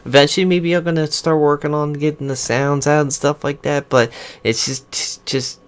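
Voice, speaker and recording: A man's voice: lowish voice, smooth. Rambling man reviewing his desk mic. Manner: rambling, restarts sentences, switches mic settings while talking. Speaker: gaming channel host. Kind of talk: casual microphone review. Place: home computer room with whirring fans. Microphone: USB desk microphone, switching pickup patterns.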